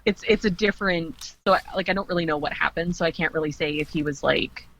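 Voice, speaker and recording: A woman's voice: low-pitched, fast, fairly bright tone, low-quality recording. A Canadian woman chatting casually as a podcast guest, with plenty of fillers and laughs.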